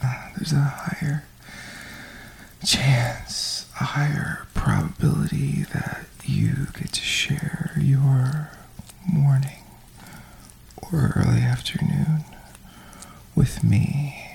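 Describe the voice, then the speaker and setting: Slow, gravelly whispered role-play man. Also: medium pitch, steady tone, low-quality recording. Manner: intimate murmuring with soft moans. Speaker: audio performer.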